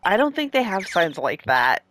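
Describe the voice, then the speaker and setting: A woman's voice: medium pitch, big pitch swings, normal speed, noisy background. A woman casually playing through a game and reading its dialogue, playful and chatty with some laughter. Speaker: let's play gamer.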